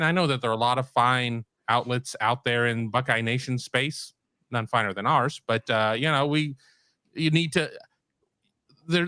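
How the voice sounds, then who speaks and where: Smooth-voiced man with wry asides. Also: medium pitch, a bit bright, no room sound. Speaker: podcast co-host. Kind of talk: casual sports chat.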